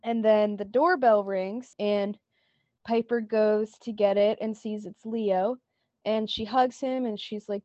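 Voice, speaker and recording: A woman's voice: medium pitch, steady tone, slow pace, mellow, no echo, dull audio. A woman co-hosting a podcast, retelling a TV scene in casual chat and quoting lines with lots of "like". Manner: retells scenes with many "like" quotes. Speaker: podcast co-host.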